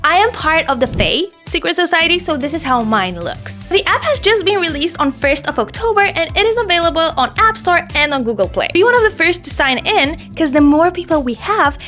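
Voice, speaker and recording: Bubbly high-voiced young woman vlogger. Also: brisk, few pauses, soft background music. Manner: animated, gets loudly worked up. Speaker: book vlogger. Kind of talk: casual reading vlog.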